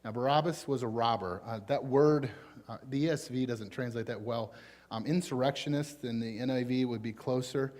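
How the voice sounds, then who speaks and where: A male pastor with a Southern US accent, preaching a conversational sermon in a folksy, informal way with animated emphasis. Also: medium pitch, moderate pace. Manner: folksy, informal, with frequent fillers.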